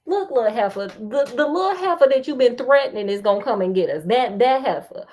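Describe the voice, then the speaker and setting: A woman's voice: a little high, fairly quick. A woman reading a book aloud and breaking off into sassy, joking commentary. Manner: sassy, animated, laughing asides. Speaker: storyteller.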